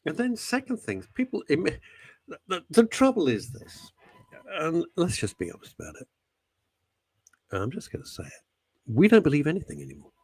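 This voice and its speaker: Animated man, gravelly radio host. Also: a little high, moderate pace, pauses often, no room sound. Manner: rambling, jokey, animated. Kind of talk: talk radio monologue. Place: radio studio.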